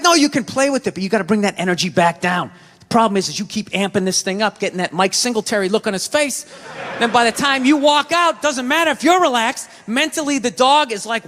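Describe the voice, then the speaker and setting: A man doing stand-up comedy with a Boston accent, telling stories in a loud, ranting way on a stage. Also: extremely high pitch. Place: comedy stage in a large venue. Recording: live stage recording with hall reverb.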